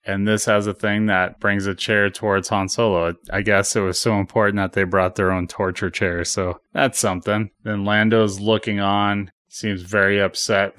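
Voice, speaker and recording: Low-voiced man, dry wry recap. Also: fairly bright tone, no room sound. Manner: wry, joking asides while summarizing. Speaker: film recap narrator. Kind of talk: casual film recap narration.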